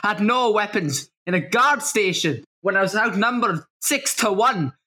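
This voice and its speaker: A brash, hot-tempered dwarf fighter, as a man plays him at the game table, with a husky, rough-edged voice that swings up and down wildly. He talks gruffly and swears freely, all bluster and bravado. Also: sits high, lively intonation, a little slow, pushed and bright, heavily acted. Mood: boastful, angry. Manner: gruff, boastful, swears a lot. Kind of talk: tabletop role-play in character.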